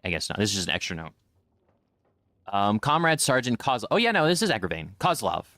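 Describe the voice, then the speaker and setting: Chatty low-voiced man streaming a game. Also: huge pitch swings, very fast, pushed and bright, dry recording, clean studio sound. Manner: chatty, reads in-game notes aloud. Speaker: gaming streamer. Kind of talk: casual let's-play commentary. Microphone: desk microphone at a computer.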